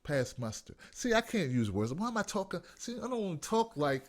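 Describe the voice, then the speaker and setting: A man's voice: sits high, sing-song, a little fast. A man from Washington, D.C., hosting a live call-in commentary show, reading viewer comments and ranting bluntly with lots of profanity. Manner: profane, blunt, mocking, no filter; reads viewer comments aloud. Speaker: host.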